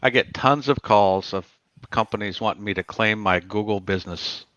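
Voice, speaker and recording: Man, low voice, bright tone, curious host, lo-fi call sound. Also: moderate pace, no echo. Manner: casual, curious questioner. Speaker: show host. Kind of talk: casual interview chat.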